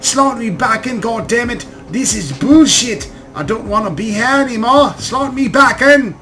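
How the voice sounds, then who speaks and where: A man playing a frantic young male addict in a game, his words slurred and his voice pitched well above a normal speaking tone. He rants loudly and sounds angry and confused, over game music. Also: slow pace, vocal fry, exaggerated voice. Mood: ranting. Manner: slurred, ranting. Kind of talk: voicing game dialogue while reading aloud.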